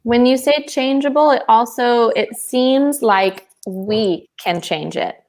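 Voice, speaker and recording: Slow-talking woman co-host, thoughtful. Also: a little high, darkish tone. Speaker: webinar co-host. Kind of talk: casual online English lesson. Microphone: video call.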